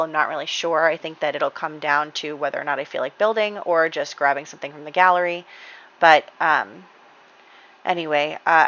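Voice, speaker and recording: A woman's voice: low-pitched, a bit bright, muffled recording. A woman giving casual, rambling gameplay commentary, chatty, with lots of ums and light laughs. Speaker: gaming channel host.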